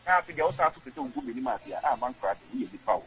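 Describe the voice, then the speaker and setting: A man's voice: mid-range voice, animated, very fast, fairly bright tone, slight background noise, low-quality recording. A Ghanaian man being interviewed, rambling and emphatic, often repeating himself. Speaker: guest. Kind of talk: casual interview chat.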